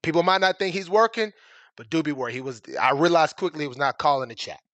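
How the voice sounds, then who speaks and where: A man, a pro football player, telling stories in a casual chat, animated and laughing as he acts out conversations. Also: on the high side, quick pace, dry recording. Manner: animated, laughing, acting out dialogue.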